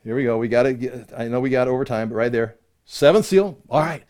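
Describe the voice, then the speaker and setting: A man's voice: medium pitch, quick pace, a little mellow. A man teaching a conversational Bible-study sermon, reading verses aloud with emphasis and explaining them with rhetorical questions.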